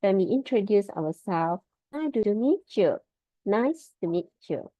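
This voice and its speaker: Slow, patient woman teaching Mandarin. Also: mid-range voice, animated, warm tone, dry recording. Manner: slow, patient drilling of tones, repeating words. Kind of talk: online language lesson. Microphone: video call. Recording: dull lo-fi video call audio.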